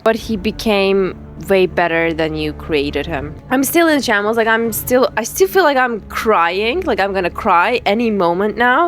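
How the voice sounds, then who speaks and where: A young woman streamer talks through a game story, gushing and emotional in a chatty way. Her voice sits at an ordinary pitch, with game music faintly underneath. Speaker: gaming streamer. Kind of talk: game reaction commentary.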